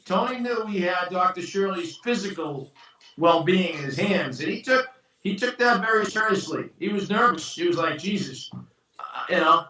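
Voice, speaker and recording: A man's voice: high voice, normal speed, a little hiss or hum. A man being interviewed about his screenwriting, telling stories casually and acting out the voices of the people in them. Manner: animated storyteller, acts out quoted voices. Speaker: screenwriter and producer guest. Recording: roomy, distant from the mic.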